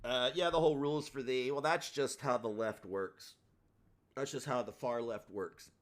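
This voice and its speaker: A man hosting a livestream, ranting in a combative, profane way, his delivery swinging between loud and soft. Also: medium pitch, moderate pace. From United States. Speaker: livestream host.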